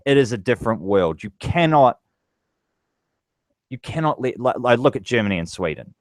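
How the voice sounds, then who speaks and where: A man's voice: medium pitch, sing-song, normal speed, no echo, rough recording. A man vlogging a heated, profane political rant straight to his viewers. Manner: angry, profane ranting.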